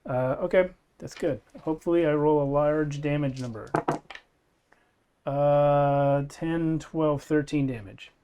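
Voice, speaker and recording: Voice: medium pitch, takes it slowly, slight background noise. A tabletop game player who jokes and banters lightly with the other players around the table. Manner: joking, lively banter. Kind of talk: casual tabletop game play.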